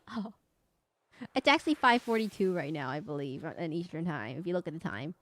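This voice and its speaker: A woman's voice: lowish voice, big pitch swings, a little fast, a bit bright, no room sound. A young woman, a VTuber streamer, chatting through live gameplay commentary and exclaiming as she reads game dialogue aloud.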